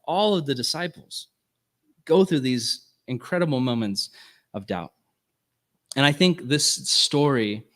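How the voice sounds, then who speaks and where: A man's voice: medium pitch, a bit bright. A man teaching at a ministry workshop in an earnest, conversational way, often checking in with "right?". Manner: earnest, casual phrasing with frequent "right?" asides.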